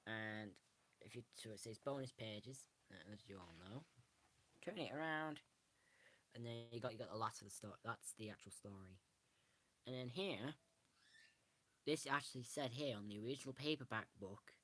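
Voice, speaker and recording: A man's voice: fairly low pitch, normal speed, fairly bright tone. A man, casually showing a book on camera and rambling through it with frequent restarts. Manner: rambling, restarts often, self-correcting. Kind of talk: casual show-and-tell.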